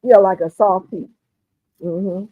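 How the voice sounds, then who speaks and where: A woman with a Southern US accent hosting a casual livestream chat, relaxed and talkative, often murmuring "mm-hmm" and reading comments aloud. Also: medium pitch, slow pace, dry recording. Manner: relaxed, chatty, frequent "mm-hmm". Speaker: livestream host. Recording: dry, phone-like narrow sound.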